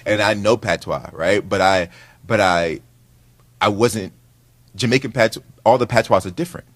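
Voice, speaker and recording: Animated man talking on a panel. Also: on the low side, normal speed, no echo. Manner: animated, conversational, many "right?" tags. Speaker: author on a panel. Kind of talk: casual panel talk.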